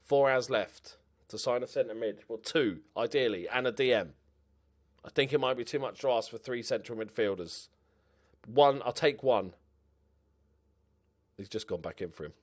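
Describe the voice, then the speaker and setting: A young man talks through his game in a loose, running commentary. He mutters to himself, swears now and then, and keeps up an animated, chatty delivery at a mid pitch. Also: moderate pace. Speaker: gaming commentator. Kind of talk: casual gameplay commentary.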